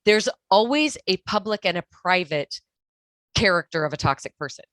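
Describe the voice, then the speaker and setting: This is a woman's lowish voice, recorded close and dry on a podcast mic. She speaks as a guest expert and gives earnest, practical advice, restarting her sentences as she goes. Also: animated, normal speed, a bit bright, dry recording. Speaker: guest expert on toxic relationships. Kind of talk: podcast interview.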